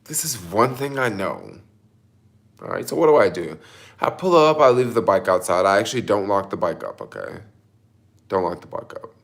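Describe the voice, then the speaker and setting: Close to tears, a young male vlogger rambles through a story about his delivery shift, self-conscious and stumbling over fillers and restarts. He has a fairly low, sing-song voice with vocal fry and a moderate pace.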